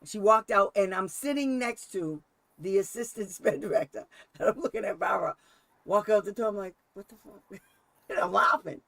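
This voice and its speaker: A man's voice: sits high, fairly quick, gravelly, dry recording. A man hosting a casual talk, telling a story with frequent laughs and acting out the quotes himself. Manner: animated storyteller, laughs often, acts out quotes. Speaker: special education advocate and host.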